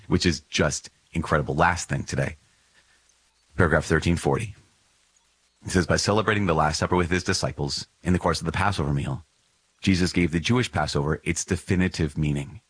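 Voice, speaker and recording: Male podcast host, low husky voice, dry close-miked sound, earnest and emphatic commentary with restarts. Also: brisk, dry recording. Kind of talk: reflective catechism commentary.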